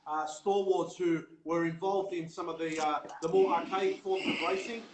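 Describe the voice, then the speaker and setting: An Australian host hypes up a race event, talking in a higher register and heaping on praise. His voice rings with an echoey sound at the live venue. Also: fairly even intonation, normal speed, background noise. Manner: hyped, full of praise, says "mate" often. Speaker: show host.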